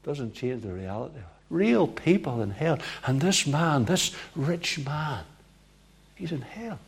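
A man preaching a sermon, emphatic and repetitive, swinging from hushed passages to loud ones. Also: mid-range voice, sing-song, measured pace, slightly rough.

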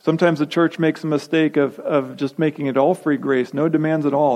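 A man's voice: on the high side, fairly even intonation, brisk, few pauses, a little mellow, rough recording. A man preaching a sermon, emphatic and repetitive, posing rhetorical questions to his congregation. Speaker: pastor.

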